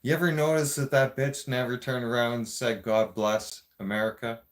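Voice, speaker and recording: A man's voice: mid-range voice, little pitch movement, normal speed. A man with a Toronto Canadian accent, ranting to camera in a blunt, profane and sarcastic vlog monologue. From Greater Toronto Area, Canada. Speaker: vlogger.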